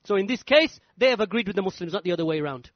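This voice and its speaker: A man with a strikingly high voice delivers a religious lecture, pressing each point home with emphatic repetition. The recording is dull and lo-fi, with a dry, close sound and no room echo. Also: expressive, racing. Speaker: Islamic lecturer.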